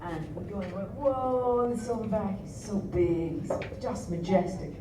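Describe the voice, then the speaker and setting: Woman performer, animated live storytelling; distant bootleg with noisy crowd. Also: a little slow, echoey room. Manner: animated, acts out quotes with big pitch jumps, laughs and swears. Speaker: singer telling a story on stage. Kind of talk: live on-stage storytelling between songs. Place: music venue, live show. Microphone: fan's handheld recorder in the audience. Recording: distant audience recording with crowd noise. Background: crowd murmur and laughter.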